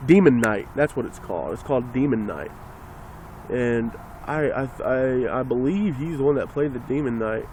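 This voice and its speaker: A man's voice: medium pitch, a little mellow, a little hiss or hum. A man ranting casually and sarcastically into a phone, rambling and swearing as he talks. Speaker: vlogger.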